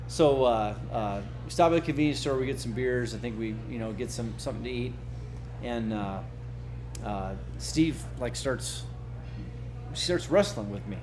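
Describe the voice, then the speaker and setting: Man from Arizona, laughing and cursing as he rambles through an old story, mid pitch. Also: expressive, normal speed, darkish tone, slight background noise. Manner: laughing, profane, rambling with restarts. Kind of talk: casual storytelling. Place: birthday gathering.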